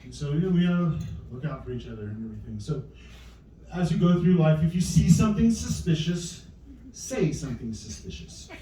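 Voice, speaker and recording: A man's voice: fairly high pitch, expressive, brisk, dark tone. A middle-aged man doing a stand-up comedy set, telling rambling stories in a dry voice and acting out the quotes. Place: small comedy venue with live audience. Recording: echoey room mic from far off.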